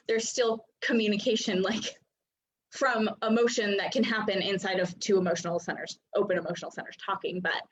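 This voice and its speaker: A woman coaching in a casual, chatty teaching talk, full of filler likes and little acted-out voices. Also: on the high side. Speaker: human design coach. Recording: dull lo-fi recording.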